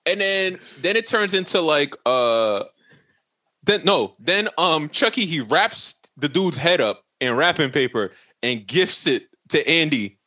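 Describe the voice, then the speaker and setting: This male podcast co-host speaks unhurriedly in a fairly high voice. Casually recounting a film's plot, he performs every character's dialogue, swearing freely and laughing as he goes.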